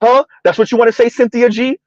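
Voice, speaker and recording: A man hosting a reaction commentary, mocking his targets with repeated rhetorical questions and drawn-out words, speaking. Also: very high voice, fairly even intonation, darkish tone, dry recording, lo-fi sound. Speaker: commentary video host.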